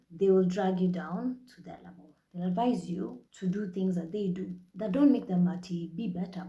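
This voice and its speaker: A young Kenyan woman talks straight into her podcast mic, blunt and cheerfully profane. Her voice sits mellow and a little dark, and the room around her rings with echo. She tells her stories in a lively, animated way. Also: medium pitch, gravelly. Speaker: podcast host. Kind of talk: casual monologue.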